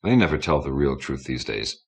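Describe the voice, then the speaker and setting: A man's voice: a bass voice, sing-song, a little fast, gravelly, breathy edge, pitched below the performer's own voice, full character voice. Man doing Ricky Vixen, a sour faded starlet. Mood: haughty. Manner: haughty, bossy, worldly. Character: sour, scornful fading female entertainment star.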